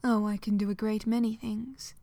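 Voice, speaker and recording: Refined sardonic gentleman, elegant diction, read by a woman, dry close sound. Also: on the high side, little pitch movement, moderate pace, gravelly, dry recording. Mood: flirtatious. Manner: elegant, precise, slightly sardonic. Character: refined, arch, wry gentleman.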